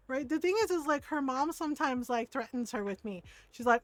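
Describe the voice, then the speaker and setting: A middle-aged woman chats casually as she streams a game, her voice sitting high and her manner animated. She laughs often as she tells her stories. The sound is dry and close, with no room around it. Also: brisk, no room sound. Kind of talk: casual chat while playing a game.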